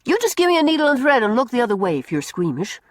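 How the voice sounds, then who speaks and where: A woman reading an audiobook voices a blunt, quick-tempered orphan girl who talks in folksy rural slang. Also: fairly high pitch, big pitch swings, no echo, studio quality, pitched above the performer's own voice.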